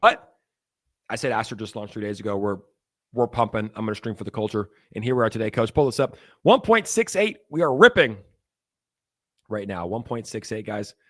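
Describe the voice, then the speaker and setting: A man's voice: lowish voice, lively intonation, fairly quick. Young guy streamer, hyped up and joking, swears a lot, casual crypto chat.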